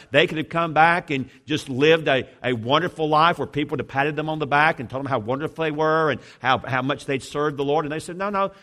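A man in his fifties preaching a sermon, driving hard on some points and dropping low and quiet on others. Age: 50s. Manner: emphatic preaching, swinging between loud declarations and low, quiet intensity. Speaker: pastor.

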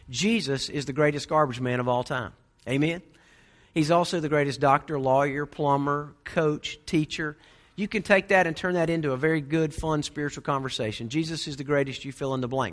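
A man's voice: on the high side, fairly bright tone. A middle-aged man preaching a sermon, telling folksy stories and acting out the dialogue. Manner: folksy storyteller, acts out dialogue. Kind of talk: sermon with anecdotes.

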